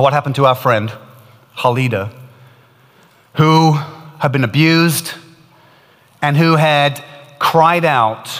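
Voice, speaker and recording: A man's voice: on the high side, fairly bright tone, long reverb tail. A man preaching a sermon, retelling a story in an earnest, emphatic way that swells and drops in intensity.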